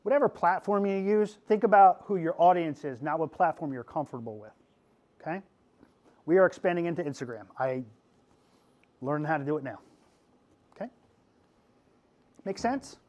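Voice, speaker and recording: A middle-aged man from Pennsylvania, a podcast host, giving a lively classroom talk in a goofy, animated way and often checking in with "okay?". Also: fairly high pitch, normal speed, long pauses, lo-fi sound.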